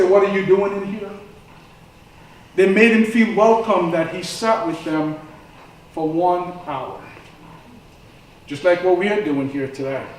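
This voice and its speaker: A man preaching a sermon, telling stories in a conversational way that builds to impassioned moments. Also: sits high. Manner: conversational storytelling, rising to impassioned. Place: church sanctuary. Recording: echoey church room from far off.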